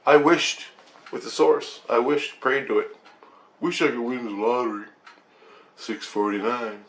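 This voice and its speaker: A man talking casually to camera about his spiritual experiences, animated and swearing at times. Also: mid-range voice, unhurried. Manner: animated, swearing, quoting others in changing voices. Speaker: vlogger sharing spiritual experiences. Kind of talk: casual monologue. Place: low-income apartment.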